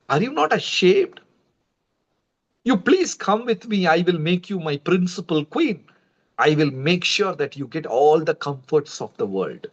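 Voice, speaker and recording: A man's voice: sits high, pitched above the performer's own voice, full character voice. A man voicing an arrogant prince who mocks and tempts a queen in a boastful, taunting way. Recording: dull lo-fi livestream audio.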